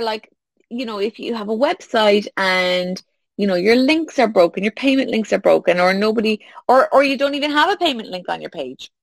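Talking casually as a business coach, a woman uses a mid-range voice marked by vocal fry, with no echo in the recording. She animatedly acts out brief quoted exchanges and laughs along.

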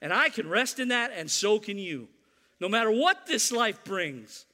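A man preaching in a very high, bright and forceful voice, pressing his points hard and repeating them, with playful teasing asides. His voice rings out in a church with a long, lingering reverb. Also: big pitch swings, unhurried. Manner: emphatic, repeats key lines, teases the congregation. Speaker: pastor. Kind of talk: sermon.

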